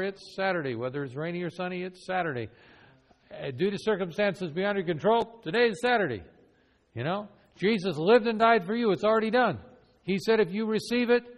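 Earnest man teaching in an echoey hall. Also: high voice. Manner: earnest, questioning, conversational. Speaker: evangelism trainer. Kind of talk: classroom teaching with role-play. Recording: long hall reverb.

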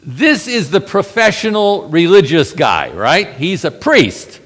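A man preaching a sermon, telling a scripture story with lively rhetorical questions to the congregation. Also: high-pitched, takes it slowly, breathy edge, long reverb tail.

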